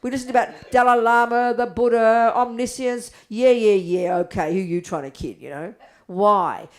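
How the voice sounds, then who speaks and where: An older woman teaching Buddhism to an audience, blunt and animated, asking rhetorical questions. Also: on the high side. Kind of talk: dharma talk to an audience.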